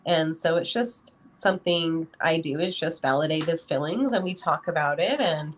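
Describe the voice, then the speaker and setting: Here a woman guest on a podcast rambles casually as a parent, saying "you know" again and again. She has a deep voice and a moderate pace, and there's a little hiss or hum on the recording.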